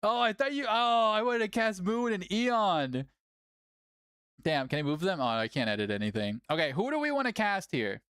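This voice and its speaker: A tournament host chatting casually on a livestream, animated, laughing often and swearing casually. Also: mid-range voice, normal speed, smooth, no room sound, studio quality.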